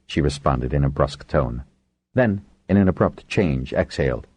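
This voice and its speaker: A man reading a fantasy audiobook in a measured storytelling manner, in a dry, close recording. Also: rumbling low, expressive, a little mellow, slightly rough, no room sound. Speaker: audiobook narrator. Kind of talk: scripted audiobook narration.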